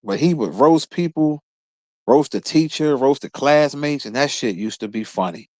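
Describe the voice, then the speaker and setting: A man's voice: normal speed, dry recording. A man in his thirties with a Philadelphia accent, telling a story casually, cursing often and breaking into laughter. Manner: profane, laughing storyteller, lively bursts of pitch. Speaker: podcast host.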